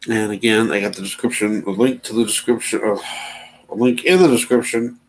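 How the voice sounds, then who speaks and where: A man's voice: lowish voice, fairly even intonation, low-quality recording. A man hosting his own channel, talking casually and impatiently while he browses and plays videos. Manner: rambling, impatient with slow computer. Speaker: channel host.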